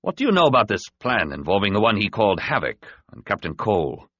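A man playing a calm Jedi master. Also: fairly low pitch, quick pace, slightly rough, no room sound, muffled recording, exaggerated voice. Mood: calm, firm.

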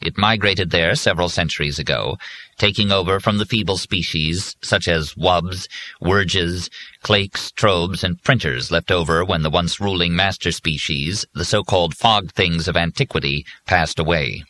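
Guy doing a low curt robot encyclopedia voice, kinda forceful. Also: normal speed. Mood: officious. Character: robotic government encyclopedia phone voice.

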